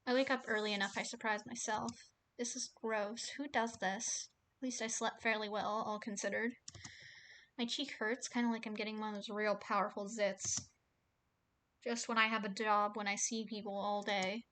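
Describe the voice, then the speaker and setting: A young woman streaming a game, reading the story aloud and chatting, sarcastic and quick to swear. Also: medium pitch, level tone, fairly bright tone, slight background noise.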